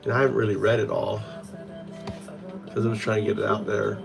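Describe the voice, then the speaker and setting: A man chatting casually with AI assistants, rambling and halting with many restarts. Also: fairly low pitch, little pitch movement, vocal fry, music in the background. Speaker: host.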